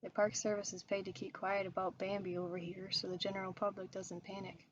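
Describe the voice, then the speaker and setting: A steady, low-key monster-hunting instructor with a slight Canadian accent, as a woman reads him in a horror story. He speaks in a calm, matter-of-fact way. The recording sounds dull and lo-fi, with a faint hiss underneath. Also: a little fast, lightly acted. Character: gruff middle-aged male monster-hunting instructor.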